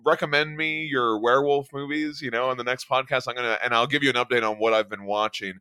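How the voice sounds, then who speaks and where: A man hosting a casual podcast chat, eager and quick to laugh, repeating himself as he talks. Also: medium pitch, fairly even intonation, pushed and bright, clean tone, no room sound. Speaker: podcast host.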